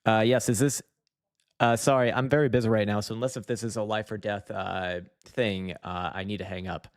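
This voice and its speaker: A man's voice: on the low side, fairly even intonation, a little fast. A man hosting a casual livestream, rambling, swearing freely and laughing often. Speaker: trading livestream host. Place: dim room at home.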